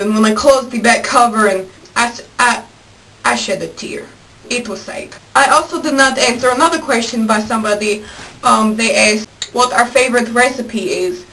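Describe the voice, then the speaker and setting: A woman talking in a put-on Russian accent, speaking haltingly and dropping her articles, recorded on a camera mounted on a tripod. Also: fairly high pitch, fairly bright tone, recorded from a distance, close to an everyday voice, rough recording.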